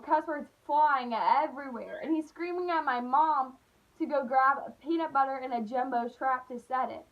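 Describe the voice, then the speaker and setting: A young woman telling a childhood story on her vlog, animated and full of "like", acting out the voices. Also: high voice, normal speed. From Appalachian United States. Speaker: vlogger. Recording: dull lo-fi recording.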